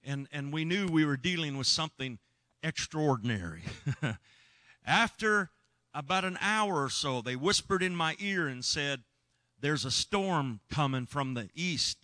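A man's voice: fairly high pitch, expressive, a little slow, dry recording. A man preaching, telling a rescue story in an earnest, emphatic way. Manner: earnest, emphatic, shouts when reliving moments. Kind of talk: sermon storytelling.

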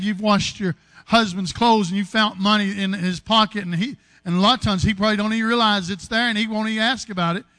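High, bright-voiced folksy male preacher. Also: no room sound. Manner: folksy storytelling, rising to fervent preaching. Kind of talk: sermon with personal stories.

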